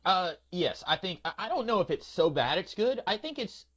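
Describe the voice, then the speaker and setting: A man's voice: sits high, very animated, normal speed, fairly bright tone, husky. Rambling man on a lo-fi podcast. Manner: rambling, many fillers, slips into character voices. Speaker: podcast host. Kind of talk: casual podcast chat. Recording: dull lo-fi sound.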